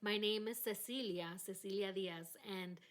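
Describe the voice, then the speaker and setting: A woman hosting a faith-focused podcast, telling a personal story in an animated, emotional way during a casual chat. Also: medium pitch, normal speed. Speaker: podcast host.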